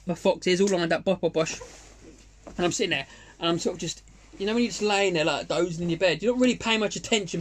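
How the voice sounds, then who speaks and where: A high-pitched man, middle-aged, spins a rambling fishing yarn in loose casual chat. He gets excitable, swears freely, stumbles through restarts and throws in sound effects as he goes. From England. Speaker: angler telling a fishing story. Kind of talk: casual storytelling monologue.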